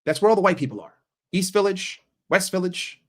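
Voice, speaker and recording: A man's voice: sits high, brisk, a bit bright. Brash, profane New man. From New York. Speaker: football vlogger. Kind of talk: casual rant to camera.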